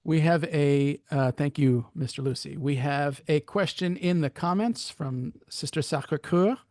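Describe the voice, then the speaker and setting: A man's voice: a little high, unhurried, a little mellow, no echo. Dry-sounding man reading viewer questions. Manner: self-deprecating, apologetic asides.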